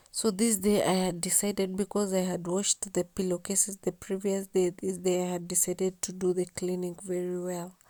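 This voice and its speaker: A young woman recording a relaxed, sleepy voiceover for her home cleaning video, soft-spoken and slipping into whispers now and then. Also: fairly low pitch, no room sound. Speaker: vlogger doing a cleaning voiceover. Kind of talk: casual voiceover narration.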